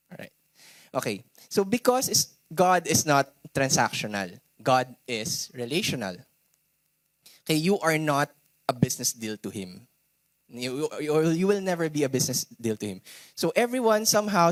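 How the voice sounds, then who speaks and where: Man, filipino accent, thirties, casual sermon, mid pitch, dry close sound. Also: dry recording. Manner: mixes Tagalog into English, asks crowd questions. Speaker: worship talk speaker.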